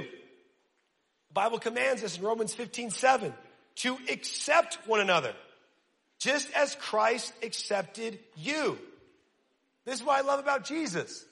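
A man preaching a sermon, talking in an energetic, casual way with self-deprecating humor. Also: high voice, gravelly, big-room sound. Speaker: pastor.

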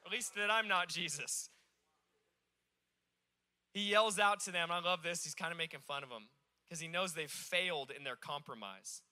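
High, bright-voiced joking preacher. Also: male voice, normal speed, pauses often. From Alaska. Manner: animated, joking storyteller. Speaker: pastor. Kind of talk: sermon. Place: on a stage.

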